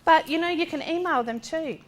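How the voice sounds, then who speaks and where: A woman's voice: extremely high pitch, brisk, a little hiss or hum. A middle-aged woman gives a lecture talk as a parent of a child with a disability. She speaks directly, asks rhetorical questions and acts out what other people said. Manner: animated, acting out other people's lines. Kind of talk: lecture talk drawn from personal experience.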